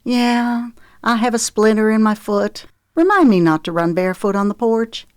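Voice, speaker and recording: A woman voicing a flustered, spirited young mother who protests in quick breathless bursts. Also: fairly high pitch, clean tone, no echo, clean studio sound, voice pushed up, close to an everyday voice.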